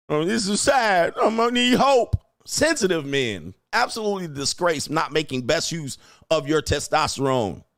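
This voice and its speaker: A man hosting a livestream, ranting at his viewers in a loud, mocking, insulting way. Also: medium pitch, no echo, studio quality. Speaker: online dating coach host. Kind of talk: livestream rant.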